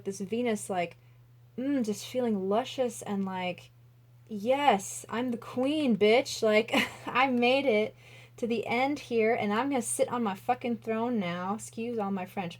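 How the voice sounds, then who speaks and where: A young woman giving a casual tarot reading to camera, gushing and emotional, full of "like" fillers. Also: medium pitch. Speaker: tarot reader.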